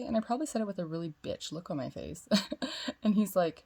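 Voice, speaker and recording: This young woman, a spiritual vlogger, is casually storytelling: a long personal tale told chattily, with free swearing and acted-out dialogue. She speaks quickly and animatedly in a fairly low, creaky voice with a dark tone.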